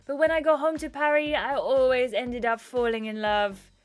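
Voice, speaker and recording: A woman's voice: high voice, fairly even intonation, normal speed, faint music behind, close to an everyday voice. A woman reading as a charming Parisian flirt. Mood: flirty.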